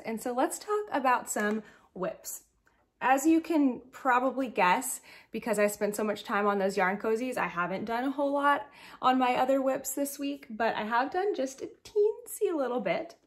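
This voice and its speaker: Knitting podcast host: a woman with a fairly high voice gone groggy from the morning, chatty and giggly. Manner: chatty, rambling, giggly asides. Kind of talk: casual chat showing knitting projects.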